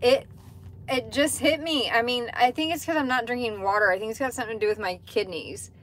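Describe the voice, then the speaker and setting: A woman hosting a laid-back livestream from a truck cab reads viewer comments out loud and responds candidly, dropping the odd swear word. Her voice is a little high, a little fast, and fairly bright, with slight hiss or hum in the recording.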